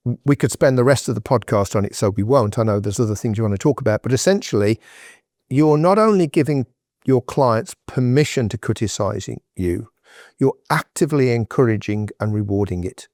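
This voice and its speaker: A man's voice: mid-range voice, darkish tone, dry recording, clean studio sound. Emphatic man giving business advice. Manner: emphatic, direct, conversational. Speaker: guest entrepreneur. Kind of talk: podcast interview, advice.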